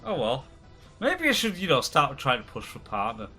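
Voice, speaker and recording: A man's voice: medium pitch, huge pitch swings, moderate pace, sharp tone, husky, faint music behind. A man hosting a live game stream, chatting casually with friends, joking and rambling with frequent laughs. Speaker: streamer host. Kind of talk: casual chat while gaming.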